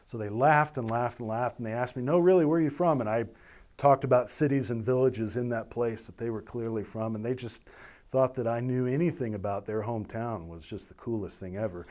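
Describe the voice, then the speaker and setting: A middle-aged man, a military officer, recounting a personal story in an animated way, slipping into the voices of the people he describes. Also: medium pitch, a little fast. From United States. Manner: animated storytelling, voicing others in dialogue.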